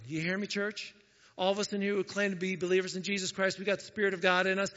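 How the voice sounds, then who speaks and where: A man with a high voice preaches to his congregation in an easy, conversational way, slipping into quick quoted voices along the way. The sound is muffled and dull, with a long reverb from the church hall. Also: level tone, pushed and bright. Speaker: pastor. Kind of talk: sermon. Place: church sanctuary.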